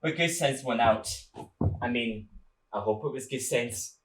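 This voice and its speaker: A man's voice: mid-range voice, unhurried, a bit bright, close to an everyday voice. An actor playing a nervous male guard who brings bad news, hesitant and stammering with many ums and restarts. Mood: rambling. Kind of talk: stage play acting. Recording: echoey room.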